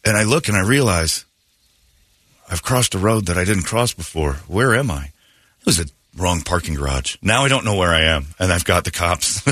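A man hosting a radio talk show, telling a funny story in an animated way and acting out the voices in it. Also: lowish voice, moderate pace, no room sound, studio quality. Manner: animated, acts out his own crying and other voices.

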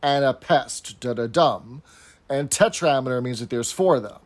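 A man's voice: mid-range voice, unhurried. A man co-hosting a casual chat, explaining things patiently with frequent fillers and easy laughter. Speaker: podcast co-host.

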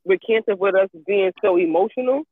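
A woman's voice: mid-range voice, a little fast. A woman in casual chat who talks emphatically, repeats herself, and swears freely. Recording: tinny phone-like line.

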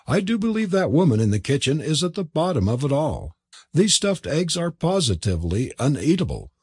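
Man doing a genial older gentleman host, talkative, pitched up, bouncy. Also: wildly swooping pitch, brisk, slightly rough, no room sound, clean studio sound, heavily acted. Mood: chatty. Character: genial older male antiquarian host, gouty and chatty.

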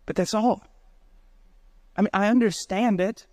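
Middle-aged preacher guy, high voice, fired-up sermon storytelling, dry close sound. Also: measured pace, darkish tone, dry recording. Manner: impassioned storytelling, rising to emotional peaks.

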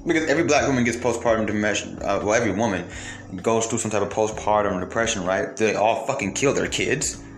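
A man's voice: on the low side, quick pace, slight background noise. A man delivering a heated, profane monologue to his viewers, firing off rhetorical questions. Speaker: commentator. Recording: roomy echo, faint music behind.

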